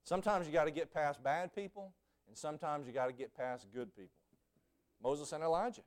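A man preaching a folksy sermon, telling stories and rising to shouted fervor. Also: on the high side, animated, a little fast.

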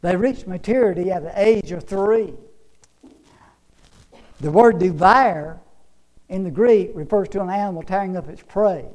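High-voiced emphatic preaching man. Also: a little slow, pauses often, darkish tone, rough recording. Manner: emphatic, repetitive, folksy storytelling. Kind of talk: sermon.

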